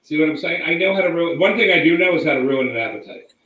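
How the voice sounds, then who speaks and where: A man's voice: on the high side, fast, a bit bright. A man co-hosting a live talk show, bantering with jokes and teasing. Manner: teasing, jokey. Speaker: co-host, magazine publisher. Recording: roomy echo.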